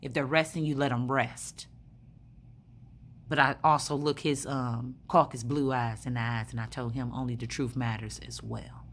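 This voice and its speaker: With a very deep voice and fairly even intonation, a woman tells a meandering story at moderate pace from her hospital room, slight background noise behind her. The spiritual vlogger's casual monologue is crude, frank, and full of fillers.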